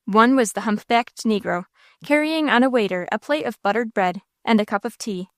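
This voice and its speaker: Woman, audiobook narrator, steady clear reading, fairly high voice, dry close recording. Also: moderate pace, no room sound. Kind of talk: scripted narration.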